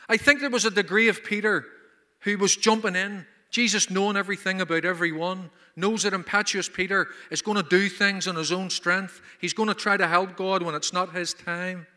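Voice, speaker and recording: A man's voice: sits high, steady tone, moderate pace, pushed and bright, big-room sound. A man preaching a sermon at a conference, emphatic and full of rhetorical questions. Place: conference hall.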